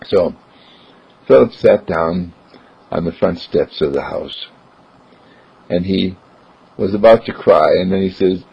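A man with a low, gravelly, raspy voice tells a story at a slow, gentle pace. His pitch swings widely from line to line. The recording is dull and lo-fi. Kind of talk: told story.

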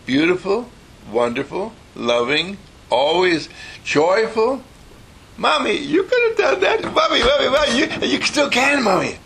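A dreamy little girl begs her mother, as a man puts on a voice pitched far above his own. She giggles through her words and pleads with rising warmth. The speech carries a gravelly edge and a bright, forceful tone. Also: big pitch swings, unhurried, full character voice. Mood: pleading.

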